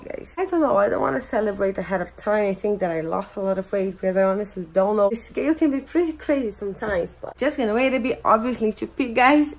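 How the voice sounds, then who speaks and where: A woman's voice: on the high side, a little hiss or hum, poor audio. Chatty young mom vlogging to her viewers. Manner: chatty, addresses viewers as guys constantly. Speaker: vlogger, mother. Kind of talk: casual daily vlog talk to camera.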